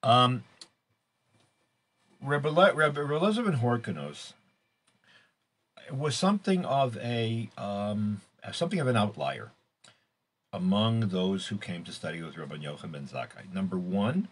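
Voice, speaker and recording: A middle-aged man gives a loose, unscripted Torah class, often restarting his sentences and padding them with fillers. His voice sits low and has a husky, slightly breathy edge. Now and then he jumps up in pitch to press a point. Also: very animated, a bit bright. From Israel. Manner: halting, many restarts and fillers, rising emphatic stresses. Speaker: teacher giving a weekly class.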